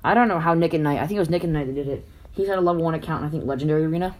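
A man's voice: a little high, very fast, a little mellow. A teenage boy chatting casually while playing a mobile game, rambling and telling stories with animation. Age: teens. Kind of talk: casual gaming chat.

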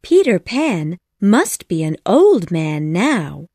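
A gentle storybook mother who asks her questions mildly and patiently, as a woman reads her lines. Her voice is mellow and unhurried, in a close, dry recording. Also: lowish voice, big pitch swings, no room sound, full character voice.

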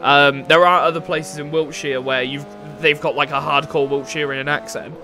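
A man's voice: fairly high pitch, steady tone, normal speed, pushed and bright, soft background music. A young English man streaming a racing game, chatting in a rambling, casual way and answering chat. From England. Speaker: gaming streamer. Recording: racing game engine noise behind.

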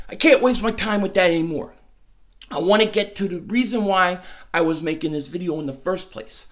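A male sports vlogger with a loud, excitable manner who often shouts while doing a comedy bit and a fan rant. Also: high voice, fairly quick.

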